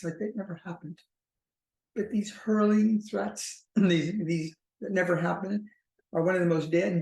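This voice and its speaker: Measured woman therapist in an echoey room. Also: lowish voice, vocal fry, a little mellow. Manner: measured and thoughtful, slow stretches with frequent restarts and fillers. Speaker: relationship therapist. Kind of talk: explanatory talk to camera.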